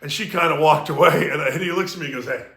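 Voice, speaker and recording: A man's voice: fairly high pitch, fast, sharp tone, echoey room. A man co-hosting a sports talk show, telling profane stories in casual chat. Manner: profane storyteller, acts out quotes.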